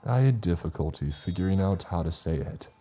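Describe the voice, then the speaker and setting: A man's voice: low-pitched, lively intonation, a little fast, dark tone, faint music behind. A man narrating a scripted first-person horror story in an uneasy, rambling, confessional way.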